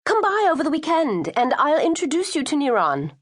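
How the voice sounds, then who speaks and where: Woman doing brash young Aussie-London woman, high pitch, lively, loud, cheery. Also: brisk. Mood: chatty. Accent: Australian-London mix put on.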